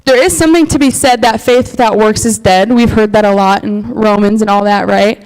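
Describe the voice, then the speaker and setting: A young woman giving a youth sermon, animated, acting out prayers and checking in with "okay?". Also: mid-range voice, a little fast, clear, resonant tone. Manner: animated, acts out quoted prayers, frequent "okay?". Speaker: youth speaker. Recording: long hall reverb.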